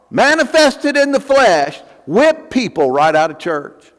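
A male pastor preaching with fervor, his high voice swooping up and down as he leans on repeated phrases. He talks slowly, and every line rings out in a long church-hall echo. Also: sing-song, a bit bright. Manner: fervent, emphatic, repeating phrases. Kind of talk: sermon. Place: church sanctuary.

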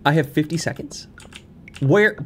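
A man streaming a farming game live, reacting loudly and reading the on-screen text aloud, with frequent laughs and yelps. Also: a little high, unhurried, a little hiss or hum. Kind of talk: live gameplay commentary.

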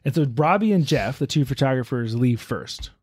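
A man's voice: medium pitch, normal speed, husky, no echo, clean studio sound. Man telling a story on a podcast. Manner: relaxed storyteller, many fillers and asides. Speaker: podcast host. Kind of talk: casual storytelling chat.

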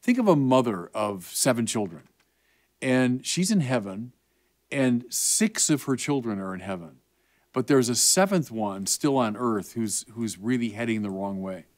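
A man's voice: medium pitch, unhurried. A man with a Chicago accent, a bishop explaining faith to children in an emphatic, conversational way. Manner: animated and emphatic, with rising bursts. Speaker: bishop answering children's questions.

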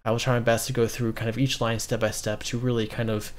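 A man's voice: mid-range voice, fast. A man casually talking through his code as he solves a programming puzzle, with lots of ums and uhs. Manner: relaxed, many ums and uhs, thinks aloud. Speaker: coding streamer. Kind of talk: casual coding walkthrough.

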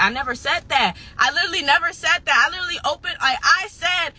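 A woman's voice: high voice, lively intonation, a little fast, hardly any pauses, sharp tone, a little hiss or hum. A nineteen-year-old woman venting on a livestream, upset and defensive, swearing heavily and repeating herself, close to tears at times. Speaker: social media personality.

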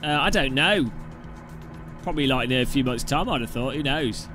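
Man, gaming live stream, chatty and jokey, lively pitch, music playing under him. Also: moderate pace. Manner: chatty, jokey, swears casually. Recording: clear background music. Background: background music.

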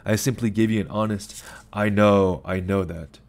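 A man voicing a weary gray-haired older man who speaks in a measured, patient, quietly firm way. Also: fairly low pitch, steady tone, vocal fry.

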